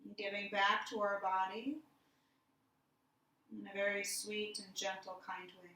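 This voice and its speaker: A woman yoga teacher giving slow, gentle cues for poses and a guided meditation. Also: medium pitch, level tone. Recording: very echoey room, distant mic.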